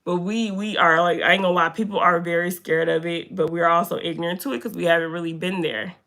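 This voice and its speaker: A young woman hosts a casual live stream from a room indoors. She greets viewers by name and chats with them in an animated way. Her voice is bright and crisp. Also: fairly low pitch, fast talker. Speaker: livestreamer.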